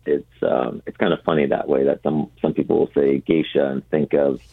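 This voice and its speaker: A man's voice: rumbling low, level tone, normal speed, vocal fry, husky, dry recording. A man on a phone line, a coffee roaster being interviewed as a radio guest, explaining at length with frequent ums. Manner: explanatory, hesitant with many ums. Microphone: telephone.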